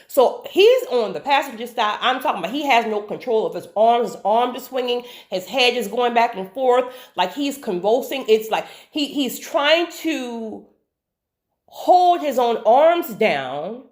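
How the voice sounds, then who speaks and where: A woman telling a personal story in a casual, animated monologue, often repeating words for emphasis and speaking straight to the viewer. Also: on the high side, measured pace.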